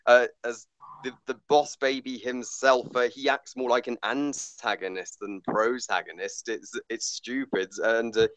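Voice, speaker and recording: A man reviewing a movie in casual chat, halting with many fillers and restarts, blunt and swearing. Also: medium pitch, steady tone, a bit bright, low-quality recording.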